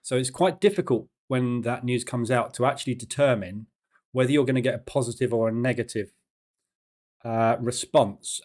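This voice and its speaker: A man hosting a live trading session, greeting viewers and explaining market news in a casual, halting way with many fillers. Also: mid-range voice, a little mellow. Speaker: trading room host.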